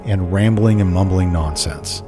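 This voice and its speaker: A man calmly narrating a scripted true-crime story meant to help listeners fall asleep, in an even, unhurried delivery. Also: deep voice, music in the background. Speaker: narrator and host.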